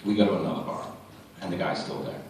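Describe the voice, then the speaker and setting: A man telling a lively, laughing anecdote to a convention panel audience, heard through a distant mic. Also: very deep voice, fast. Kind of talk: animated anecdote. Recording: echoey hall, distant mic, loud noise.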